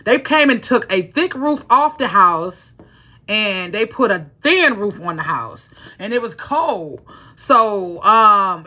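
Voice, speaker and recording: Woman with a bright, sharp voice. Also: medium pitch. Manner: profane, rambling, heated. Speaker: vlogger. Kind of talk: casual storytelling vlog.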